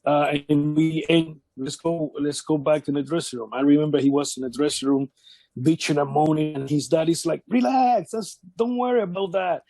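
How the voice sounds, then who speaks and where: A wrestling veteran with a high, gravelly, dark-toned voice tells stories in a casual shoot interview, his tone level. He speaks haltingly, repeats words and acts out what others said. The recording is dry.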